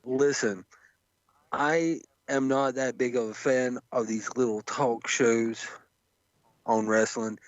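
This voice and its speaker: Brief: male podcast co-host, mid pitch, emphatic storyteller, swears, lo-fi mic. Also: steady tone, slow pace, dry recording. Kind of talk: casual chat. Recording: dull dry lo-fi sound.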